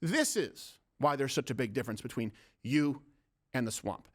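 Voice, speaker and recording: A man hosting a political comedy show, ranting sarcastically in rapid-fire rhetorical questions. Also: mid-range voice, expressive, breathy edge. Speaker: host.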